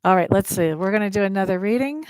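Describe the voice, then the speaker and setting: A woman's voice: mid-range voice, lively intonation, fast talker, a little mellow, no echo. A woman hosting a live tarot reading, chatting straight to her viewers in a blunt, playful way. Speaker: tarot reader and livestream host.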